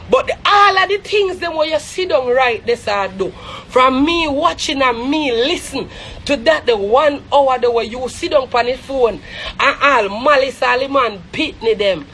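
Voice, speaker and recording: A woman's voice: sits high, animated, fairly bright tone, a little hiss or hum. A Jamaican woman giving heated, scornful gossip commentary on a live stream. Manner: scornful, rapid, repetitive.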